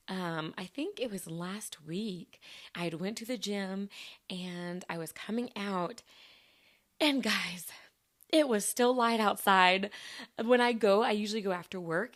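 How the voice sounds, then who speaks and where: Bubbly young woman hosting a podcast. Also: fairly low pitch. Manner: bubbly and upbeat, laughs often. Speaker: podcast host. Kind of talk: casual solo podcast chat.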